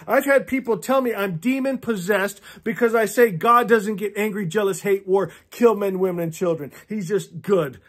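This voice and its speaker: A man in his fifties reading a novel aloud on his channel and breaking off for impassioned, preachy asides, chuckling often. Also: sits high. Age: 50s. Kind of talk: earnest read-along commentary.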